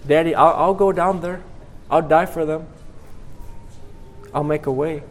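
A man's voice: a little high, fairly even intonation, measured pace, voice pushed up, close to an everyday voice. A man preaching who voices the Son as an eager, devoted young man earnestly offering to go.

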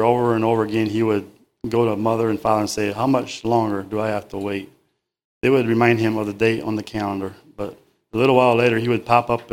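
A man reading a children's story aloud to a group, halting and stopping to paraphrase and moralize. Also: fairly low pitch.

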